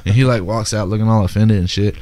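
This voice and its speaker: A man's voice: fairly low pitch, quick pace, dry recording. A man co-hosting a podcast, telling crude comedy club stories with lots of profanity and acting out the people in them. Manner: profane, animated, acts out voices in his stories. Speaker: podcast co-host, stand-up comic. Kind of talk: crude comedic storytelling chat.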